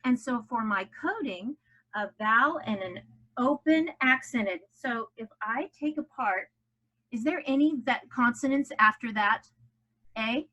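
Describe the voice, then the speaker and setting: A woman's voice: a little high, expressive, measured pace, pushed and bright, dull audio. A woman teaching a recorded phonics lesson for children, walking through the steps and having kids echo sounds after her. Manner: step-by-step, encouraging, repeats sounds for kids to echo.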